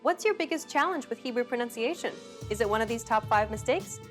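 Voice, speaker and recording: A woman hosting a pronunciation lesson, giving upbeat, clearly enunciated scripted instructions. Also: fairly high pitch, animated, fast, soft background music. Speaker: language teacher host.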